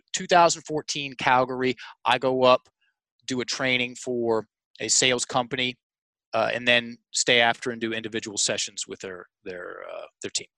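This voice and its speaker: A man's voice: mid-range voice, moderate pace, sharp tone, no room sound, low-quality recording. A man talking as a coach in an interview, telling stories emphatically, addressing listeners as folks, with frequent restarts. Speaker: sales and mindset coach. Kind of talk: conversational storytelling interview.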